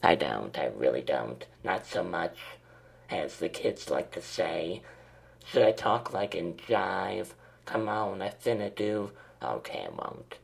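Guy doing a crude chain-smoking lady host, real deep and gravelly, slow drawl, swears nonstop. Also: big pitch swings, full character voice. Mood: sneering. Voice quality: gravelly smoker's rasp. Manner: insulting, profane, drawling. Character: crude foul-mouthed 25-year-old woman smoker. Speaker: host of a call-in comedy show. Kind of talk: crude comedy monologue.

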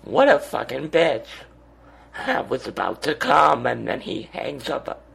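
A man's voice: mid-range voice, expressive, a little slow, gravelly, a bit bright, slight background noise. A man hosting a show in a crude, campy, vulgar comedic monologue, drawling. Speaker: podcast host.

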